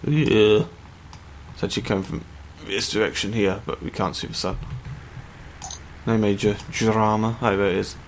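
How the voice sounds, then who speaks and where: A young man from the UK hosts a flight simulator session, rambling with plenty of ums and cheerful enthusiasm. His voice is fairly low. Faint game ambience murmurs behind him. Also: steady tone, moderate pace, creaky, slight background noise. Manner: rambling, filler-heavy, enthusiastic. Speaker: flight sim youtuber. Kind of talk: casual gameplay commentary.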